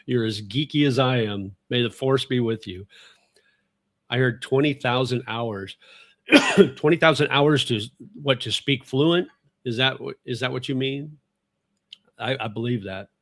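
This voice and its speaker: A man hosts a relaxed livestream and chats with viewers in an easygoing, rambling way. He laughs often and corrects himself mid-sentence. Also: medium pitch, unhurried, pauses often. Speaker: livestream host. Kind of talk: casual chat, answering viewer comments.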